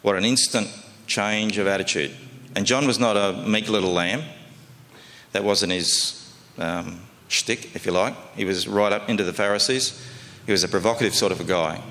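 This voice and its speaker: A man's voice: lowish voice, steady tone, normal speed, sharp tone, in a large hall. A man preaching a sermon in a conversational, folksy way, often asking his listeners questions.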